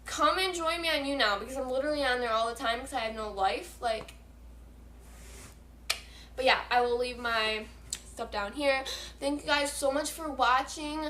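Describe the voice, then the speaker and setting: A woman's voice: high-pitched, moderate pace, long pauses, reverberant, slight background noise. A teenage girl vlogging a casual storytime, swearing a lot and rambling with plenty of fillers. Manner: profane, excitable, rambling with many fillers.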